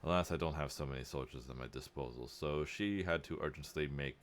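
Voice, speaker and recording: Male reader voicing a smug nobleman baron, slow condescending drawl, deep voice.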